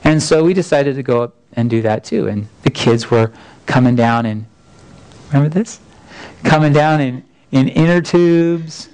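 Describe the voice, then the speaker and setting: A man's voice: mid-range voice, moderate pace, a little mellow, smooth, poor audio. A man, preaching a sermon as a folksy, earnest personal story with frequent restarts. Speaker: pastor.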